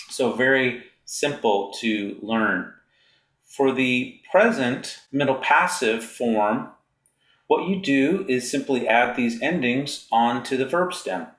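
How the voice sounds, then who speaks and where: A man teaching Greek grammar in a recorded lecture, slowly reciting word endings one by one. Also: mid-range voice, a bit bright, echoey room. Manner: slow, deliberate recitation of endings.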